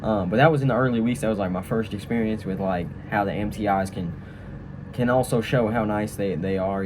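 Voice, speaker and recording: In a room at a training school, a young man who vlogs rambles through a casual story and tutorial, leaning on fillers and tag questions. His voice sits in the mid range, with background noise behind it.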